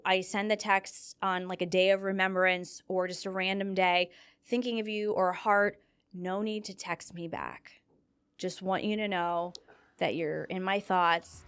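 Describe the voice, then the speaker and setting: A young woman guest with a clear, resonant, mid-range voice discusses grief in a casual conversation. She tells her stories with earnest feeling and animation, using fillers as she goes.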